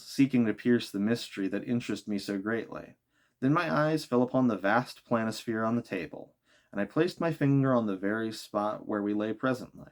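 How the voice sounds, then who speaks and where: A man reading a classic novel aloud as an audiobook, sometimes breaking off for chatty asides to viewers. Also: medium pitch. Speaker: audiobook reader.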